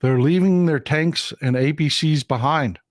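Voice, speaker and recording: A man from Texas, his voice a little high, speaks at a measured pace while hosting a live-streamed political commentary show. He works through a map, emphatically repeating phrases for stress, in a dry recording with clean studio sound.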